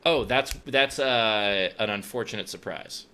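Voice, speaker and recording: Man co-host; low, bright tone, unhurried and hesitant answers. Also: smooth. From United States. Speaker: podcast co-host. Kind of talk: casual comedic chat.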